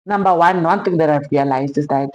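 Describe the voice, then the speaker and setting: A young woman with a South African accent recounts her story in a sit-down vlog, speaking in a notably low register. She tells it with lively, animated energy and slips Zulu slang into her English. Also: fairly quick, rough recording. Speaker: vlogger.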